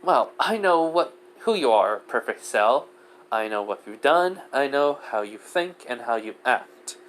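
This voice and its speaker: A man's voice: medium pitch, lively intonation, measured pace, a bit bright, slight background noise. A man doing a breezy all-powerful goddess. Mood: confident. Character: powerful shape-shifting goddess, jovial then serious.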